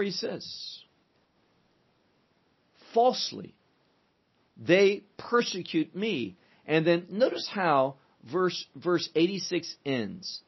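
A man teaching through a psalm verse by verse, deliberate and emphatic, building his points in lists. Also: fairly high pitch, husky. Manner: slow, deliberate, emphatic with listed phrases. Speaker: Bible teacher. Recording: dull lo-fi recording.

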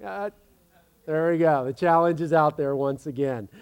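A pastor talks to his congregation in a loose, joking sermon, full of "uh"s and restarts. His voice sits high for a man. It is smooth and clear. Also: moderate pace, a little mellow. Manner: joking, chatty, many fillers and restarts.

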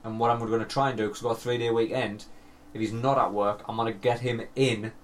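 A man's voice: mid-range voice, little pitch movement, fast, slight background noise. Sweary man in his thirties hosting. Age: 30s. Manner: sweary, joking, bursts into loud laughter. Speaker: podcast host. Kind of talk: casual podcast chat.

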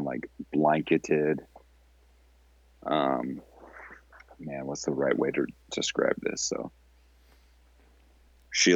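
Very deep-voiced rambling young man. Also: dry recording, dull audio. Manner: rambling, hesitant storytelling with fillers. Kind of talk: casual comedic banter.

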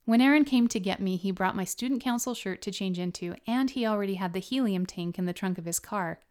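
A woman's voice: medium pitch, brisk, a little mellow. A woman podcast host narrating her own memoir chapter in an earnest storytelling way, then signing off.

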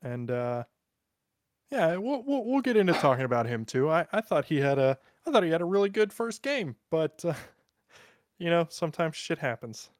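Higher-voiced man, crude joking podcast banter. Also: big pitch swings, normal speed, no echo. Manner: crude, self-mocking joking. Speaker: podcast co-host. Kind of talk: casual podcast chat. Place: in Europe.

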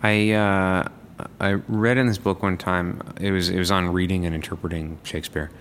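A man's voice: low voice, steady tone, normal speed, fairly bright tone, a little hiss or hum. A man in casual conversation about acting exercises and improv, speaking reflectively and fluently. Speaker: improv performer.

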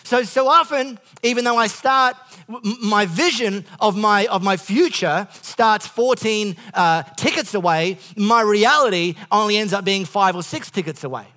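Australian male preacher, high and bright. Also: moderate pace. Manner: rambling, self-interrupting storyteller with comic asides. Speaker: pastor. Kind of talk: sermon.

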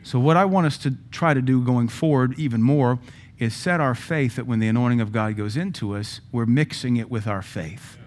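Pastor guy preaching at church, middle-pitched voice, chatty but punches his points. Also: moderate pace, a little mellow. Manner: conversational preaching with emphatic rises and self-deprecating asides. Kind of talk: sermon. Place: church sanctuary.

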